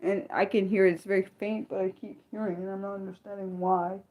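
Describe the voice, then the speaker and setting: A woman's voice: mid-range voice, little pitch movement, fairly quick, phone-quality sound. A young adult woman hosting an unscripted livestream, talking earnestly in a rambling way with lots of stammered restarts and reacting to viewer comments as she reads them. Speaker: livestream host.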